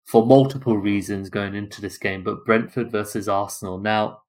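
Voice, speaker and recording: A man with a fairly low voice co-hosting a relaxed football podcast. He talks in quick, chatty runs, stacking up one possibility after another as he thinks out loud. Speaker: podcast co-host. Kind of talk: casual football chat.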